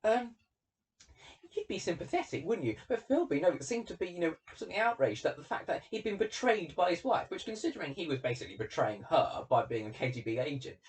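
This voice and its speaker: A man hosting a casual commentary, chatty and animated with plenty of fillers and asides. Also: fairly high pitch, quick pace, far from the mic. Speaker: host.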